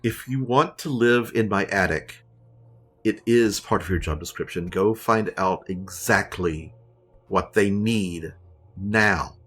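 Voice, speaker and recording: A man's voice: on the low side, slow, a bit bright, husky, soft background music, full character voice. A man voicing a stern, bossy elderly priestess in a tabletop game. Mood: shouting, bossy. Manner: commanding, clipped orders.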